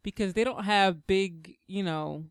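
A woman's voice: mid-range voice, measured pace, clean tone, no echo, clean studio sound. A woman co-hosting a live-streamed show, chatting in a playful, talkative way. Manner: chatty and playful, laughs along. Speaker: show co-host.

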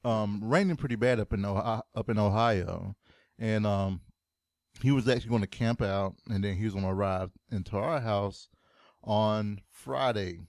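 A man's voice: fairly low pitch, moderate pace, a little mellow, no echo, clean studio sound. A man, co-hosting a casual podcast chat and joking around playfully. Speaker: podcast co-host.

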